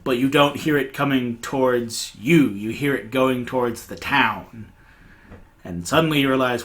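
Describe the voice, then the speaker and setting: Man, game master, casual podcast recap, halting, restarts often. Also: medium pitch, a bit bright. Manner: halting, many restarts and repeated words.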